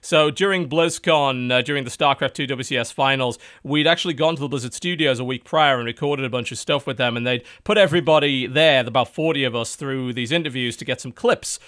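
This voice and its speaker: A man's voice: medium pitch, a little fast, few pauses, a bit bright. A British man hosting a casual podcast chat, talking in a chatty, sardonic way and swearing freely. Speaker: podcast host.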